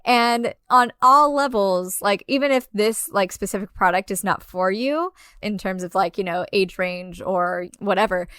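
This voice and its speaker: A woman's voice: medium pitch, a little slow, few pauses, a bit bright, clean tone, no room sound, studio quality. A woman co-hosting a podcast, talking casually and animatedly about a film, with lots of "like" fillers and the odd swear. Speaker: podcast co-host.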